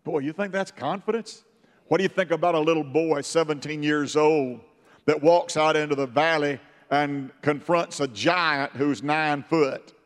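Slow, folksy preacher man in a hall. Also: fairly high pitch. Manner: folksy storytelling, rising to fervent. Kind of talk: sermon. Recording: long reverb of a large hall.

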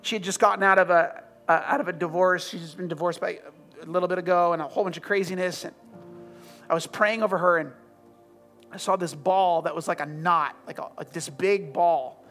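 A man preaching a sermon to a congregation, firing off emphatic questions and then dropping into soft, hushed prayer. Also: high voice, steady tone, fairly quick. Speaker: pastor. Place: church room with congregation. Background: soft music.

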